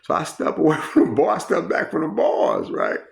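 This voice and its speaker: Gravelly dude telling a crazy story, lots of cussing, kinda high voice, rambles all over. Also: male voice, moderate pace. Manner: profane, rambling, animated retelling. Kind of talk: casual spoken storytelling.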